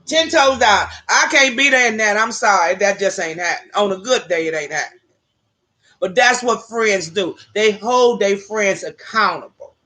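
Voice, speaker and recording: A woman's voice: mid-range voice, moderate pace, bright, forceful tone. A woman hosting a livestream, telling stories to her chat viewers in a brash, profane way and talking to them as "y'all". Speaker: livestream host. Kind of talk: casual storytelling to live chat viewers.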